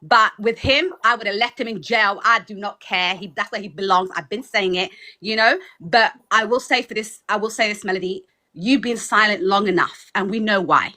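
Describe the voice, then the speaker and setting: A woman's voice: medium pitch, moderate pace, pushed and bright. A woman with an accent giving a fiery, preachy pep talk as a guest on a livestream. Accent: foreign accent. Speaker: guest speaker.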